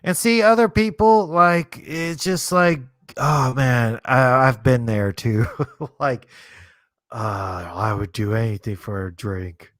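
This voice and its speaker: A man's voice: mid-range voice, steady tone, slow pace, fairly bright tone, no room sound, clean studio sound. A man casually commenting on a movie as a streamer, laid-back and rambling, thinking aloud with lots of fillers. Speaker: streamer hosting a movie watchalong.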